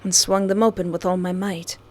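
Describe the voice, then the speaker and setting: A young woman playing through a visual novel, reading the narration aloud and reacting with dramatic, playful asides and shrill screams. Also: level tone, brisk, heavy background noise. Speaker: let's play host.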